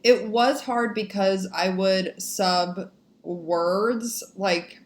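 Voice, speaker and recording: A woman's voice: mid-range voice, steady tone. A woman co-hosting a podcast, chatting in a playful way and teasing her co-host right back. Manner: playful, quick to tease back. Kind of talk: casual podcast banter.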